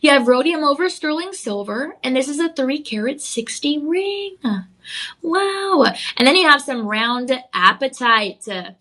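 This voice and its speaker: Woman, TV shopping host; high, bright voice; gushing, chatty sales pitch with giggles. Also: expressive, normal speed, few pauses. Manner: enthusiastic, gushing, frequent laughs and ums. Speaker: shopping channel jewelry host. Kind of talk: live on-air sales pitch. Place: TV studio.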